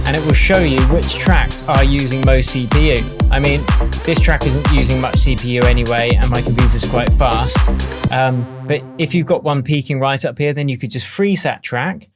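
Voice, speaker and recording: A man giving a relaxed, chatty software tutorial for music producers, with faint demo music behind him. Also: medium pitch. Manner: relaxed, chatty explaining with fillers. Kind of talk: screen-recorded software tutorial. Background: faint demo music playing.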